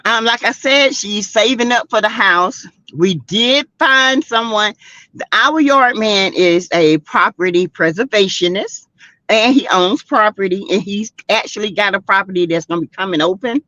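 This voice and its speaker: A woman's voice: mid-range voice, normal speed, no room sound. A middle-aged woman, hosting a casual gossip livestream and chatting straight to her viewers. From South Carolina, US. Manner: animated, exclaims, talks straight to the chat. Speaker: livestream host. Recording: dull lo-fi stream audio.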